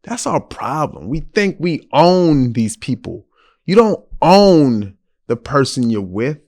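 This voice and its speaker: A man's voice: on the high side, slow pace. A man hosting a casual advice podcast, frank and blunt as he answers a listener's letter. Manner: blunt, frank, lively delivery. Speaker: podcast host giving advice.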